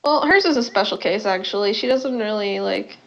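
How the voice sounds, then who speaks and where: A woman with a Southern US accent, chatting casually as game master of a tabletop game, animated and teasing. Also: medium pitch, brisk, highs cut off.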